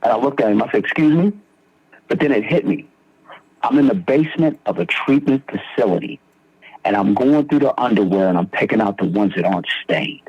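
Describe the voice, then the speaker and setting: In a podcast interview, a young man from Philadelphia, Pennsylvania recounts his recovery, acting out quoted dialogue along the way. His lowish, husky voice is expressive and a little fast, and the recording has a dull lo-fi sound.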